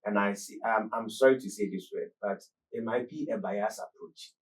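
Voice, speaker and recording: A man with a low voice speaks as an interview guest. He takes his time and picks his words carefully. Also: normal speed, distant mic, poor audio. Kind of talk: studio interview.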